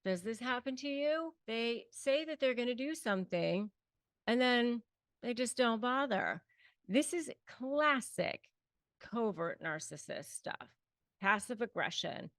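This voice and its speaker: A woman's voice: a little high, lively intonation, a little slow, fairly bright tone, dry recording, clean studio sound. A woman hosting an advice talk, speaking emphatically and repeating points to rally the viewer. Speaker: host and self-help coach on narcissistic abuse. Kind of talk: direct-to-camera advice talk.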